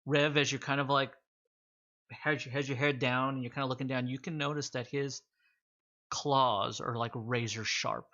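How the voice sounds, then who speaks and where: A man's voice: mid-range voice, fairly even intonation, normal speed, bright, forceful tone, highs cut off. A man narrating a tabletop game as game master, describing scenes with frequent filler words.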